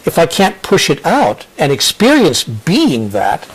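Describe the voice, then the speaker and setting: Earnest man, fairly high voice. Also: huge pitch swings, breathy edge, low-quality recording. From United States. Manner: earnest, restarts and repeats phrases, slows for emphasis. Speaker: interview guest, spiritual author. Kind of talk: reflective interview talk.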